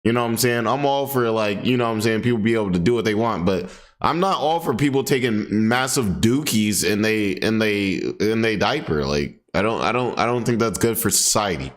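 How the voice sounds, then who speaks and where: Joking low-voiced guy. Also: brisk. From Atlanta, USA. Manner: joking and slangy, laughs often, restarts a lot. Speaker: streamer reacting to a video. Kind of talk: casual reaction commentary.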